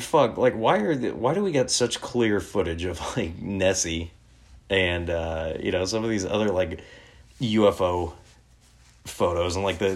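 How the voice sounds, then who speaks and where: A man in his thirties telling casual, rambling stories, laid-back and full of swearing. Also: low voice. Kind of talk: casual storytelling.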